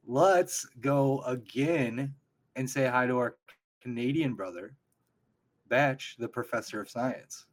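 A man's voice: mid-range voice, slow. An American man co-hosting a podcast in casual banter, laughing at his own slip-ups. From United States. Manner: self-deprecating, laughs at his own fumbles. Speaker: podcast co-host.

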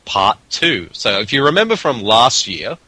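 A man's voice: mid-range voice, very animated, normal speed, bright, forceful tone, husky, no echo, rough recording. A man with an Australian accent hosting a casual podcast, rambling with plenty of restarts and fillers. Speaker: podcast host.

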